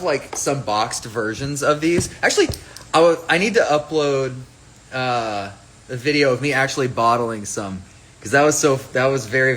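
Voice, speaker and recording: A man's voice: mid-range voice, a bit bright, slight background noise, rough recording. A man chatting casually on a phone livestream about his own fragrance, rambling and playful as he jumps between topics.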